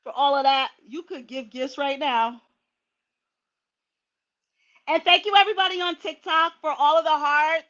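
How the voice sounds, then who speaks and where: A woman hosting a casual livestream, chatty and animated, talking straight to her viewers. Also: high-pitched, moderate pace, pauses often, dull audio. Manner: chatty, animated, laughing asides. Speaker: livestream host.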